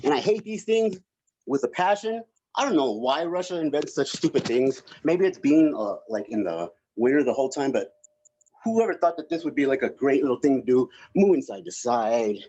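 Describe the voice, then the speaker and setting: A man's voice: medium pitch, lively intonation, fairly quick, warm tone, no echo. A man performing a stand-up comedy set from home, rambling with many fillers and breaking into laughter. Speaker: open mic comedian. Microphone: home livestream mic. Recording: dull, dry, lo-fi stream audio.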